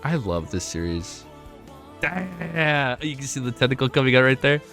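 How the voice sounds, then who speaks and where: A young man streaming to his chat, excitable and emotional, swearing often and reading chat messages aloud. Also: mid-range voice, moderate pace, gravelly, soft background music. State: emotional, close to tears. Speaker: streamer reacting to a web novel. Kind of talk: casual live-stream chat.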